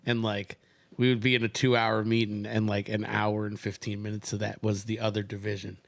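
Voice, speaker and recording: A man's voice: fairly low pitch, level tone, brisk, gravelly, no room sound. A man co-hosting a casual podcast chat, swearing and laughing through his work stories. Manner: profane, laughs while telling stories. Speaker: podcast co-host.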